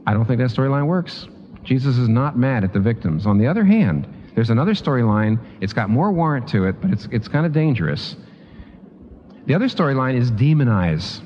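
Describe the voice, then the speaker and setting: Animated preacher in a reverberant hall. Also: male voice, slight background noise. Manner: lively, emphatic preaching with rising pitch on key points; conversational, with restarts and asides. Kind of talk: sermon. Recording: dull lo-fi sound with long hall reverb.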